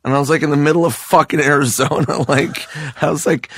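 A man's voice: on the high side, fast, gravelly, hardly any pauses, a bit bright, husky, no echo. Profane man telling laughing stories. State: hungover. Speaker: comedian guest. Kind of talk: casual podcast storytelling.

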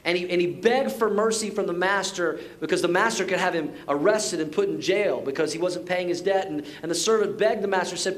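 A middle-aged man preaching a sermon as pastor, telling stories in a relaxed conversational way, often repeating words and adding asides. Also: high voice, fairly quick, few pauses.

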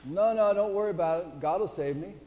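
A stubborn man stranded in a flood, insisting heaven will save him, as a preacher puts him on. The voice sits a little high and mellow. It rings in a long hall reverb with a faint hum underneath. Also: fast talker, highs cut off, lightly acted.

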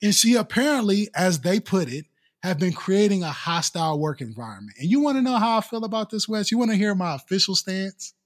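A high-voiced man with a wildly swinging pitch, co-hosting a casual podcast. He talks in a profane, animated way and keeps acting out other people's lines in mocking voices. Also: fairly quick. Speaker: podcast co-host. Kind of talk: casual comedic chat.

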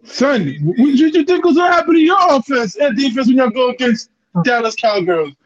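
A man's voice: very high-pitched, expressive, a little fast. A young man in casual sports banter with friends, teasing and repeating himself mockingly. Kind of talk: casual trash talk among friends. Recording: dull lo-fi audio.

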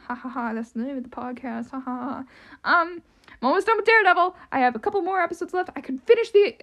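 A young woman with a high, squeaky voice hosting her own podcast, rambling casually with lots of "um" and "like" and self-deprecating asides. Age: young adult. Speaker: podcast host.

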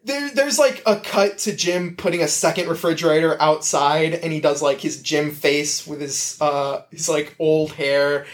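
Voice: mid-range voice, measured pace. Brief: a podcast host rambling through a funny story, giggly and loose, with plenty of fillers. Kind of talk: comedic storytelling chat.

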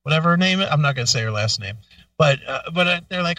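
A middle-aged man co-hosting a radio talk show, telling a profane story in a casual, animated way and acting out the quotes. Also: on the high side, fast, gravelly, dry recording, distant mic.

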